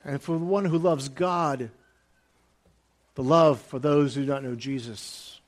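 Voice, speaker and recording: A man preaching a sermon as pastor, moving between soft, hushed lines and raised, emphatic ones, and repeating key phrases for emphasis. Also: medium pitch, a little slow, pauses often.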